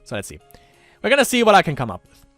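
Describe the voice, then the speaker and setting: Animated man reading a visual novel. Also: high voice, rapid-fire, dry recording, faint music behind. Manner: animated, laughs often, rambling asides. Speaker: let's play gamer. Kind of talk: casual game commentary and reading aloud.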